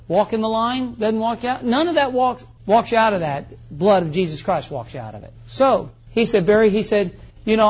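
A man's voice: high voice, a little mellow, slightly rough. A middle-aged male pastor preaching a folksy, conversational sermon full of rhetorical questions. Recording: muffled lo-fi recording.

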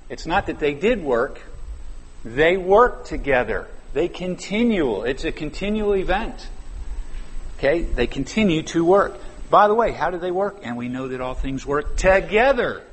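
A man preaching a sermon at a church conference, conversational and then suddenly emphatic on key words. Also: fairly high pitch. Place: large church conference hall. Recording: reverberant hall with faint ambience.

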